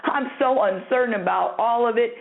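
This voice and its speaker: A woman's voice: a little high, a little fast, gravelly. A woman hosting a spiritual advice call-in radio show, talking emphatically and repeating herself, calling the caller honey and dear, often laughing. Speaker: radio host answering callers. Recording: narrow phone-like radio audio.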